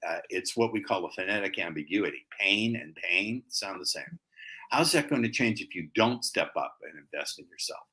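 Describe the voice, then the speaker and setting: A man's voice: low-pitched, lively intonation, normal speed, bright, forceful tone, poor audio. A man who is a guest sales trainer, teaching techniques with emphatic, playful stress on key words.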